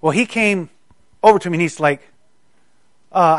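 A man's voice: on the high side, quick pace, a bit bright, no room sound. A middle-aged man from South Carolina preaching a sermon, with conversational storytelling and stammering restarts.

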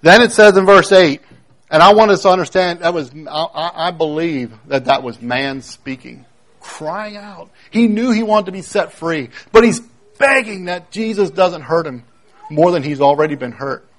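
A man preaching a sermon, emphatic, repeating key phrases and swinging between loud declarations and hushed moments. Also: on the high side, animated, normal speed. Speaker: pastor.

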